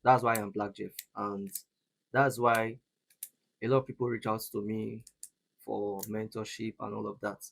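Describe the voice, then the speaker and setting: A man's voice: lowish voice, little pitch movement, unhurried, creaky, long pauses, a bit bright, a little hiss or hum. A young Nigerian man from Edo State, mentoring traders in a live session, emphatic and repetitive, often restarting his sentences. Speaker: forex trading mentor. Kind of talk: live trading session teaching.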